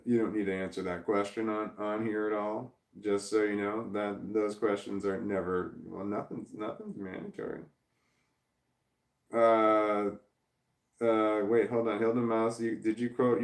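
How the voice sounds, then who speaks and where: A man on a casual livestream, reading chat comments aloud and rambling through them with lots of halting restarts. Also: lowish voice, distant mic. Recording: roomy, off-mic sound.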